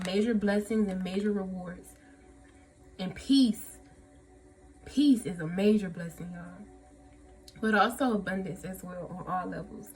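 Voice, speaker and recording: A woman giving a casual tarot reading to her viewers, effusive and emotional, often checking in with "okay?" and "y'all". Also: medium pitch. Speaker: tarot reader.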